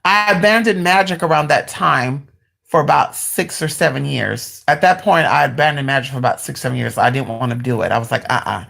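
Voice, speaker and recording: A woman vlogger telling a personal spiritual story in a casual, animated way, swearing freely and talking to her viewers directly. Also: brisk, vocal fry. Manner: voice jumps much higher when excited.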